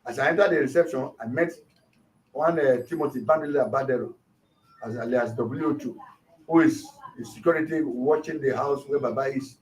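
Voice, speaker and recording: A man's voice: medium pitch, moderate pace, distant mic, low-quality recording. A Nigerian man, a pastor, animatedly retelling a dispute in an interview, acting out the quotes as he goes. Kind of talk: storytelling interview.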